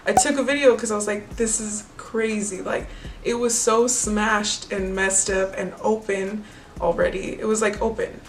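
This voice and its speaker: A woman's voice: medium pitch, moderate pace, far from the mic, slight background noise, rough recording. Chatty woman telling a beauty story. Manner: chatty, animated storytelling, acts out quoted voices. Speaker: beauty vlogger. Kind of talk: casual story time.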